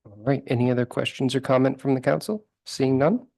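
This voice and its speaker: A man, the mayor, chairing a council meeting with brisk procedural calls and a light joke now and then. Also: mid-range voice, fairly even intonation, creaky, a little mellow, poor audio. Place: council chamber.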